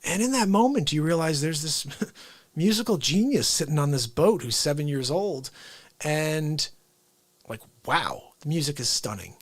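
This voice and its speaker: A man hosting a casual livestream, telling movie stories excitedly, laughing often and acting out lines. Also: a little high, a little slow, dry recording. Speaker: livestream host.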